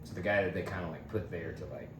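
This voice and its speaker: A man's voice: sits low, fast talker, reverberant, background noise. A man co-hosting a podcast, telling a story in casual chat, laughing often and acting out the voices of the people in it. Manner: animated, laughing, mimics voices in quotes. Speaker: podcast co-host.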